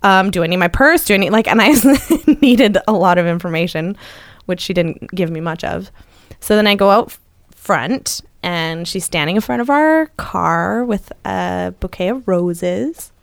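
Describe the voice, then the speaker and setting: Woman co-hosting a podcast, lively storyteller, jumps up high when she quotes people, dry close mic. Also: moderate pace, gravelly, dry recording. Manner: animated, acts out quoted lines with jumps in pitch. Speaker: podcast co-host. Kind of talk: casual storytelling chat.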